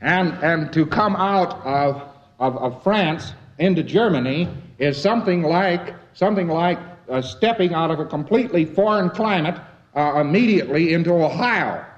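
A man's voice: fairly high pitch, expressive, moderate pace. A man giving an informal lecture, telling anecdotes with chuckles and acting out the people he quotes. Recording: dull lo-fi old tape recording.

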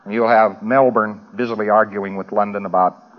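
On a dull lo-fi old recording, an American lecturer with a lowish voice speaks a little fast and with fairly even intonation, giving a rambling, humorous talk full of dry asides to a live crowd.

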